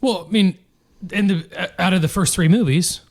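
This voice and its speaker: Male podcast co-host, higher voice, loose casual chat, long explanations. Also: normal speed. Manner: explains at length, casual swearing.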